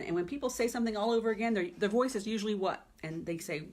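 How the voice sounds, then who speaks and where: A woman's voice: mid-range voice, fast talker, few pauses. A woman piano teacher giving a teaching webinar in a chatty, emphatic way, often checking in with "okay?" and "right?".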